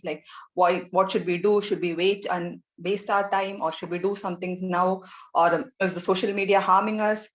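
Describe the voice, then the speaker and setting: A woman's voice: mid-range voice, lo-fi sound. A woman giving a general evaluator's report at a club meeting, repeating herself and filling gaps with fillers. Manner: repetitive, loose phrasing with fillers.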